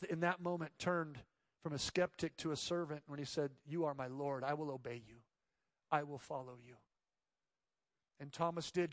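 Male pastor, higher voice, dry close sound, animated sermon storyteller who acts out quotes. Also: no room sound. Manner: drops to soft pleading tones.

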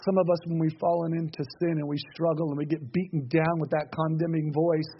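A man preaching a sermon to a congregation, dropping to a hush and then rising again as he drives his points home. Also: a little high, level tone, fairly quick, slightly rough, highs cut off. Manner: dramatic, swings between hushed and raised passages.

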